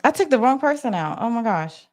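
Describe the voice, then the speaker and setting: A woman's voice: fairly high pitch, very animated, brisk, a little mellow. A woman hosting a livestream, retelling things in a casual, rambling way with lots of fillers. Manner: flustered while managing chat. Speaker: livestream host.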